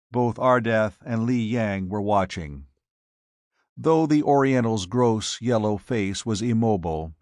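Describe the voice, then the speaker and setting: A male audiobook narrator with a low voice and a slow, measured, dramatic delivery. The recording is dry and close, with no room sound. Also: no echo.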